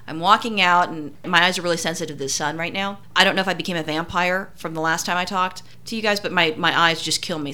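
An American woman chats on a podcast in a quick, tumbling rush. Her tone is crisp and bright, a little low for a woman. She rambles, swears freely and pokes fun at herself. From United States. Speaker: podcast co-host. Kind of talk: casual storytelling chat.

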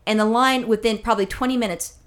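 A woman rattles through a fed-up anecdote at high speed, her voice sitting a little high. She swears constantly and mimics everyone she dealt with. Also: fairly even intonation, quick pace. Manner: profane, exasperated storytelling. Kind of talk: casual chat, ranting anecdote.

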